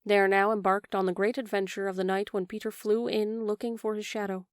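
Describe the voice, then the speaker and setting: A woman narrates a classic storybook in a measured, gentle way. Her voice sits at a middle pitch. The recording is close and dry. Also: level tone, dry recording. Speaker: audiobook narrator. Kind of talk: scripted narration.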